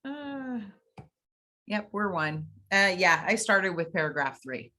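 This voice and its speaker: A woman's voice: mid-range voice, big pitch swings, slow, bright, forceful tone. Laughing woman on a group call. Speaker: study group member. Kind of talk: casual chat on a group call. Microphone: video call.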